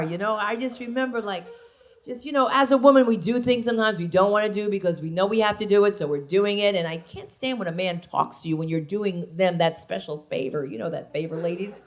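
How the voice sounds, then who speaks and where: Brash, profane woman comic in noisy club. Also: mid-range voice. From New Jersey. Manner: brash, profane, confiding with the crowd. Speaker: stand-up comedian. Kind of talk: stand-up comedy set. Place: comedy club stage. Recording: live club recording with noisy room.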